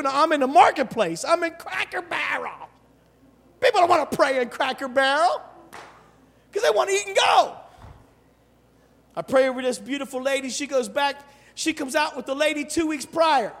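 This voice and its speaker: A male pastor preaching in an animated, joking storytelling way, breaking into shouts and laughter. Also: extremely high pitch, normal speed, vocal fry, pauses often. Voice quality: bald. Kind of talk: humorous storytelling sermon.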